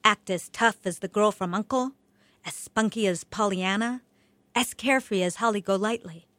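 A woman reading her childhood memoir aloud in an expressive, wry storytelling manner. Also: medium pitch, normal speed, no echo. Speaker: memoir narrator.

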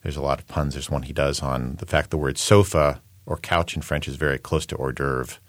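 A man who is a poet and translator, talking in an interview in a thoughtful, measured way with frequent pauses and ums. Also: extremely low pitch, fairly even intonation, dry recording, studio quality. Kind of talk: interview conversation.

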